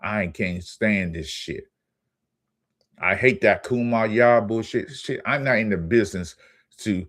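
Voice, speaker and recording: A man's voice: on the low side, unhurried. A man hosting his own sports channel, ranting in a heated, profane way and stammering when he gets angry.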